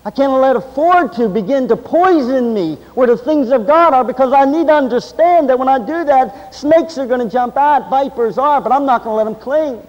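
A man preaching a sermon, swinging between loud, intense passages and low, quiet stretches. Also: lively intonation, normal speed, few pauses, lo-fi sound. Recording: long hall reverb.

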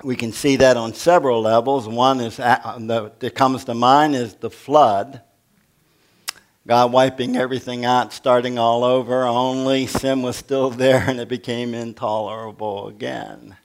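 An older male pastor delivers a sermon in a slow, unhurried cadence. He keeps it folksy and humorous and turns often to the congregation with questions. His pitch sits in an ordinary middle range for a man. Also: fairly even intonation.

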